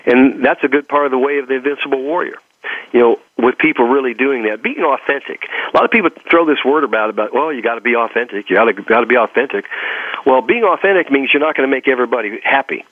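A man's voice: medium pitch, animated, quick pace, dry recording. A man with a Texas accent, a guest giving earnest motivational talk, repeating phrases for emphasis. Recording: phone-like narrow sound.

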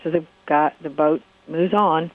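A woman's voice: sits low, fairly even intonation, a little slow, no room sound. A woman hosting a radio talk show, telling a story in an easy, hesitant way with many fillers. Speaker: radio show host and counselor. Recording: phone-like narrow sound.

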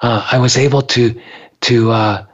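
A man telling a story in a casual, animated way, acting out what people said and laughing along. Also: medium pitch, a little slow, highs cut off. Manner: animated, acts out quoted voices, laughs while telling.

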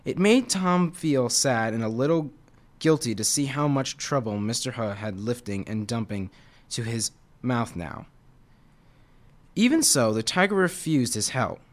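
A man's voice: mid-range voice, animated, measured pace. A man reading a children's novel aloud in a casual way, with slips and restarts. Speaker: reader.

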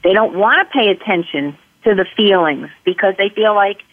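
A woman guest explaining parenting steps calmly, acting out sample lines she would say to a child. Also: medium pitch, normal speed, no room sound. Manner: calm, explains in numbered steps, acts out sample dialogue. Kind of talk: interview answers. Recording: tinny phone-line sound.

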